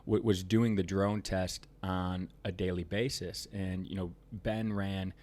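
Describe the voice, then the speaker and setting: A man's voice: low voice, level tone, unhurried, darkish tone. A man, a business owner, talking as a podcast guest in a rambling, emphatic way, full of "you know" fillers. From Ohio, United States. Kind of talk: casual podcast conversation.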